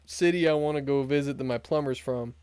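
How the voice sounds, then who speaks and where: A man's voice: medium pitch, a little fast, darkish tone, clean tone, dry recording, clean studio sound. A man quizzing his co-host in casual podcast chat, joking and swearing freely. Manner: profane, joking quizmaster.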